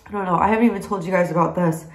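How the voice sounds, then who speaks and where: A woman's voice: lowish voice, racing. Tearful young woman in an echoey room. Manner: emotional, tearful, laughing through tears. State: crying. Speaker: vlogger. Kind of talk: personal video diary. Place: home.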